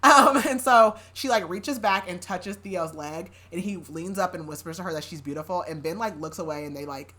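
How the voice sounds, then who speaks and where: A young adult woman on a podcast, recapping a novel in casual chat, chatty and quick to laugh, leaning on "like" constantly. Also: fairly low pitch, bright, forceful tone. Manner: chatty, laughing often, heavy use of "like".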